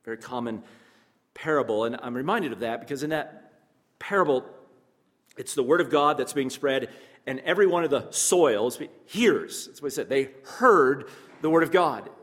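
Pastor, male, mid-pitched, deliberate emphatic sermon delivery, reverberant church sanctuary. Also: animated, fairly bright tone. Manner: measured, emphatic preaching with pauses and asides to the congregation.

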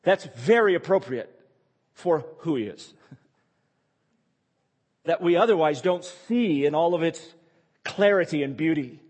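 A man's voice: a little high, expressive, unhurried, long pauses, a little mellow, breathy edge, in a large hall. A male pastor preaching a sermon, emphatic and repeating key phrases for stress.

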